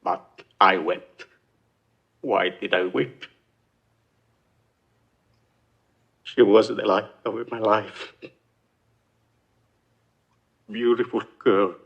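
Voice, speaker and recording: An actor with an Italian accent playing a grieving immigrant father seeking justice, speaking in a measured, solemn way, from a film soundtrack. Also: on the low side, steady tone, gravelly, husky, highs cut off, full character voice. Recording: film soundtrack played in a podcast.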